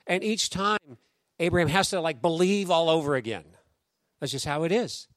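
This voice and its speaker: A man preaching a sermon in a conversational, animated storytelling way, acting out quoted voices. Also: a little high, moderate pace, no room sound, clean studio sound. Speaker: pastor.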